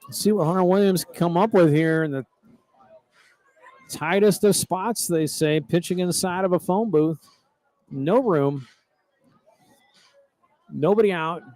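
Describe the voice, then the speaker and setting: A man's voice: high voice, unhurried, pauses often, darkish tone, no room sound. A middle-aged man, calling a baseball game in a folksy, chatty, rambling way. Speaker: play-by-play announcer. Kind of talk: baseball commentary.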